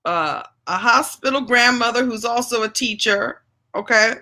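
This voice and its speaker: Woman from New York hosting a lively live chat, bright and forceful, a bit high. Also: moderate pace. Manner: playful, exclamatory, laughs often. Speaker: speaker hosting a live session. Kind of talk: lively live-stream chat with an improv game.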